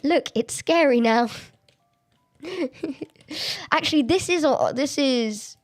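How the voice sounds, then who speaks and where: High-voiced, giggly Australian woman streaming. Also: lively intonation, takes it slowly. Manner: chatty, giggly, thinking aloud. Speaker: Minecraft streamer. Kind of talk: casual live-stream commentary. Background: faint background music.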